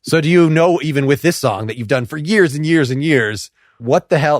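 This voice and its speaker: A man's voice: on the high side, lively intonation, moderate pace, no echo. Dry, rambling male podcast host. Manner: inquisitive, rambling questions with frequent laughs. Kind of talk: casual interview chat.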